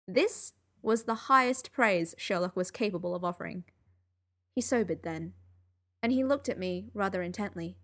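A woman reading a first-person story aloud in an expressive, emotional way. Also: medium pitch, moderate pace. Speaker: audiobook narrator.

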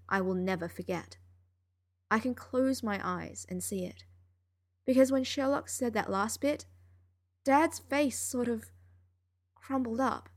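A woman reading a first-person story aloud in an expressive, emotional way. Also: fairly high pitch. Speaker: audiobook narrator.

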